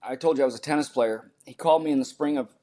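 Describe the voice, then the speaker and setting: An older man, a podcast guest, telling personal stories in an animated way and acting out the people in them. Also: mid-range voice, very fast. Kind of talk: storytelling in a podcast interview.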